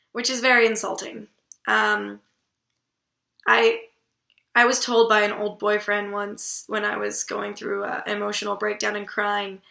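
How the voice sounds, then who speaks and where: A woman's voice: mid-range voice, gravelly, sharp tone, reverberant. A woman hosting a book vlog, giving casual literary commentary in a blunt, irreverent way and swearing casually. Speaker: book vlogger host.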